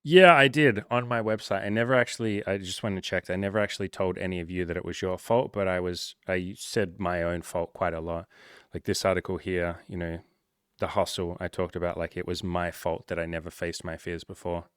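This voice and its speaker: A man's voice: low-pitched, steady tone, brisk, a bit bright, clean tone, no echo, studio quality. A man talking as a life coach, giving casual motivational advice in a blunt, direct, often profane way.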